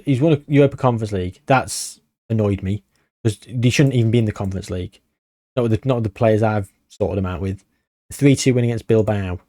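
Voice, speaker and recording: Exasperated man, mellow voice. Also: on the low side, no room sound, studio quality. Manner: exasperated, grumbling, sarcastic asides. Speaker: gaming YouTuber. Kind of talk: casual game commentary.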